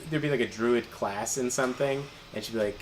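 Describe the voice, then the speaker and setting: A man chats casually while streaming a video game, spinning a rambling story. He laughs often and swears freely, in a voice of ordinary pitch. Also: a little fast, a little hiss or hum. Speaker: gaming channel co-host.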